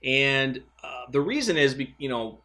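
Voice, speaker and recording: A man co-hosting a comic review podcast in casual chat, acting out the characters' lines in quick voices. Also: medium pitch, expressive, bright, forceful tone.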